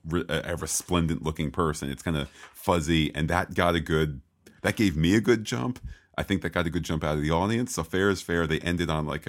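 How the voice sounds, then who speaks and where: Very deep-voiced animated man. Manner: animated, exclaiming, reads quotes aloud. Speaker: podcast co-host. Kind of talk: casual chat.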